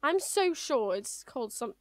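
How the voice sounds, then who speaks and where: Woman, slightly high voice, unhurried pace, playful game-stream chatter, dry close mic, faint music behind. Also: sing-song, dry recording. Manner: playful, chatty, talks to game mobs affectionately. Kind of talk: casual gameplay streaming.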